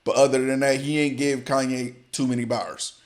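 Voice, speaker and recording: Male reaction host, mid-range voice, relaxed conversational breakdown that loops back on itself. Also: mid-range voice, normal speed. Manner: loose, repeats and restarts, explains each line. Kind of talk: casual reaction commentary.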